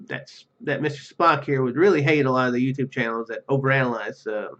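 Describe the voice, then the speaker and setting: A man's voice: medium pitch, fairly even intonation, a little fast, a bit bright, lo-fi sound. A man hosting a let's play, reading game text aloud and joking about himself as he goes. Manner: joking and self-deprecating, laughs at own jokes.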